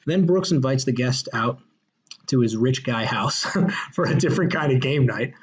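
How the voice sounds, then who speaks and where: A man's voice: mid-range voice, lively intonation, normal speed. A man hosting a podcast, chatting casually and acting out movie scenes in put-on voices. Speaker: podcast host. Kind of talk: casual movie review chat. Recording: dull lo-fi podcast audio.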